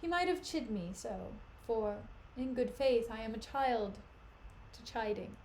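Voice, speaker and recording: A woman reading the part of a young noble wife who is hurt, weary and bewildered, in a soft, low, subdued voice. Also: lively intonation, a little slow, a little hiss or hum, poor audio. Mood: sorrowful. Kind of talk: dramatic reading of a play.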